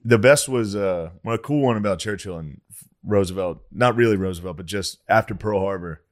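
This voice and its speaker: A man's voice: lowish voice, fairly quick. A man co-hosting a casual chat, chiming in with short, profane asides.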